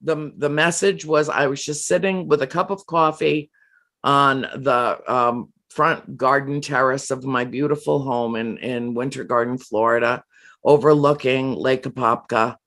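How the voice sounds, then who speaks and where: A woman guest telling a personal story in an earnest, emotional way, often pausing and restarting her sentences. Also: very deep voice, fairly even intonation, a bit bright. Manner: emotional, halting with frequent restarts and fillers.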